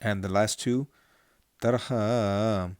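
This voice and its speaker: A middle-aged man teaching Torah cantillation, chanting verses slowly and then explaining them patiently, asking the listener to repeat after him. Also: fairly low pitch, a little mellow, no echo, clean studio sound. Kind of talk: chanting lesson with call-and-repeat.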